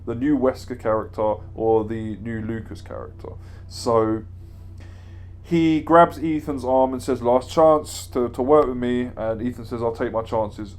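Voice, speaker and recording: A man's voice: medium pitch, a little mellow. A man giving a casual, rambling spoken review of a video game, with many fillers and exasperated asides.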